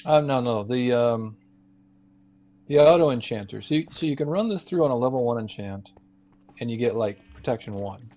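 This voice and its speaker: A man calmly explaining game mechanics while playing, in casual commentary. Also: mid-range voice, moderate pace, highs cut off. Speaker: gamer co-host.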